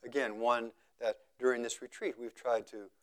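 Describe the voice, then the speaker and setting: A man giving a slow, measured talk at a meditation retreat, repeating phrases for emphasis and letting his voice fall quiet at the ends of thoughts. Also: medium pitch, level tone. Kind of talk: contemplative dharma talk.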